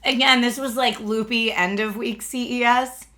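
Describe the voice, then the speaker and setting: Chatty streamer lady, bright tone, laughs a lot, says like constantly. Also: fairly high pitch, steady tone, normal speed. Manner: chatty, laughs often, fills with "like". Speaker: livestream host. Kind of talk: casual livestream chat.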